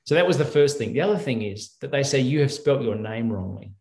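A man's voice: medium pitch, lively intonation, fairly quick, a little mellow, roomy sound. A middle-aged man, a guest doctor, telling stories in a rambling, restarting way in a casual interview. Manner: rambling, with many restarts and fillers.

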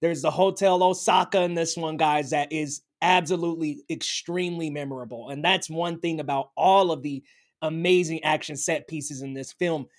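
A man's voice: on the high side, fairly even intonation, moderate pace. A man co-hosting a casual film review chat, talking enthusiastically and emphatically. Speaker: podcast co-host.

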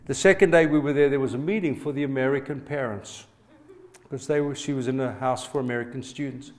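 A middle-aged pastor preaches a sermon in a mid-range, steady, slightly mellow voice, speaking briskly over slight background noise. He tells personal stories and often turns to the congregation to ask for a response.

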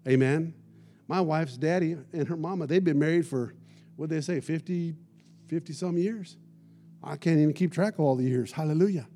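A male pastor preaching a sermon, telling lively stories and breaking in with shouts of praise. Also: on the high side, normal speed. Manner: energetic storytelling preacher with shouted praise interjections.

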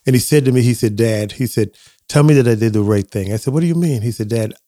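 A man's voice: medium pitch, fast, dark tone, dry recording, studio quality. An older man telling family stories as a podcast guest, reflective and acting out remembered dialogue. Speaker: guest, dentist father of the host. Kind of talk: casual storytelling in a podcast interview.

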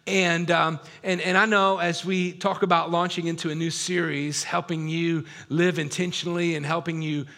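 A man's voice: a little high, flat delivery, moderate pace, few pauses, bright, forceful tone. A man preaching a sermon as a pastor, telling stories in a casual, self-deprecating way. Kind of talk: storytelling sermon.

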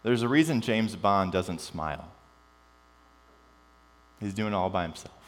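A man preaching a sermon in a reverberant church hall, his lowish voice rising animated and falling to quiet emphasis. A faint mains hum sits under the long reverb. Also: measured pace. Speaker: pastor.

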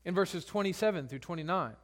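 A man's voice: sits high, expressive, fast. A male pastor preaching a sermon, retelling scripture in casual everyday speech.

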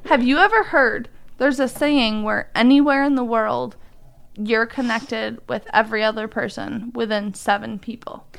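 A woman's voice: a little high, moderate pace, gravelly, smooth. A young adult woman chatting casually as a co-host, telling stories. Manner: chatty storytelling. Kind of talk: casual chat.

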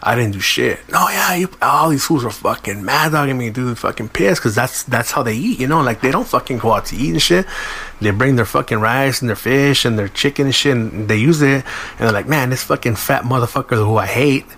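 A man's voice: mid-range voice, brisk, fairly bright tone. A man, hosting a podcast and telling a long, profane, slangy story in a casual way. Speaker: podcast host.

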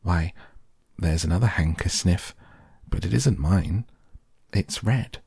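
A man's voice: low-pitched, takes it slowly, gravelly, a little mellow, husky, dry recording, studio quality, heavily acted. A man voicing a curious little girl who keeps asking eager questions.

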